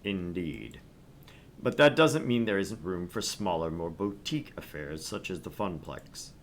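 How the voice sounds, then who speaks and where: A man playing a smooth scheming tycoon. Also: deep voice, lively intonation, slight background noise. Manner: slow, measured, polished. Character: smooth wealthy male arcade tycoon, courteous and scheming.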